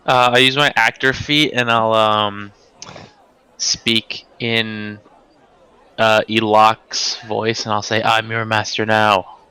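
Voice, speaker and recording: A man's voice: lowish voice, little pitch movement, slow pace, bright, forceful tone, smooth, no room sound. A man playing a tabletop game, talking casually and offhandedly. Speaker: player.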